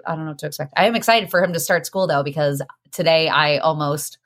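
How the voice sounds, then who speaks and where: A woman's voice: deep voice, fast talker. A young adult woman co-hosting a podcast, chatting casually and animatedly, telling stories with frequent laughs. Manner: animated, storytelling, laughs often. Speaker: podcast co-host. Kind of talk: casual chat.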